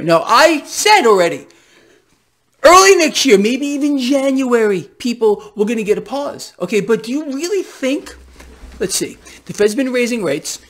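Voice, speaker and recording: A man hosting his own financial commentary vlog. He rants with heavy sarcasm, and his pitch jumps all over the place. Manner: animated, sarcastic ranting. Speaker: host.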